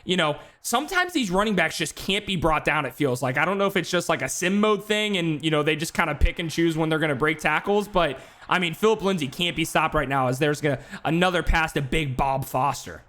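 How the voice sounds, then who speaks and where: A man calling play-by-play for a simulated football game on a live stream, talking fast between plays with casual asides. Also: fairly high pitch, expressive, a bit bright. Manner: rapid play-by-play, filler-heavy asides. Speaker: play-by-play commentator. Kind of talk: esports sim football commentary.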